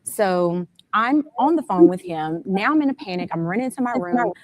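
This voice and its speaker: A woman's voice: medium pitch, expressive, moderate pace. A woman speaking as an interview guest, a mother telling events step by step in detail and growing urgent and frantic. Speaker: guest, mother of a missing son.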